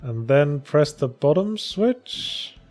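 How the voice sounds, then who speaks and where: A man's voice: a little high, sing-song, slow pace, darkish tone, faint music behind. A man, the developer of a game, giving wry, casual let's-play commentary while explaining its mechanics. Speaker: game developer playing his own game.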